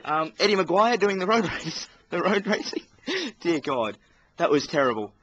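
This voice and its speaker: Aussie guy ranting about footy media, kinda high voice, faint hiss behind. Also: big pitch swings, moderate pace, fairly bright tone, muffled recording. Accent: Australian. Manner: ranting, exasperated, talks over others. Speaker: podcast co-host. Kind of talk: casual sports chat. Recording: faint background noise.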